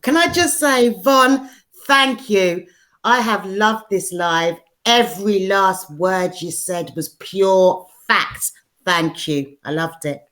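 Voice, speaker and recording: A woman with a London accent calls into a livestream, her voice at an ordinary mid pitch. She teases the host and presses him with pointed questions in a casual, chatty way. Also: slow pace, a bit bright. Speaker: caller.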